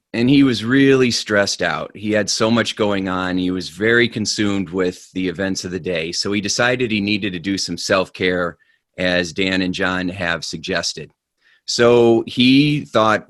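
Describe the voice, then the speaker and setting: Casting note: a male webinar speaker, lively storytelling delivery. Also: lowish voice, unhurried, dry recording. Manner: animated storyteller. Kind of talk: storytelling talk.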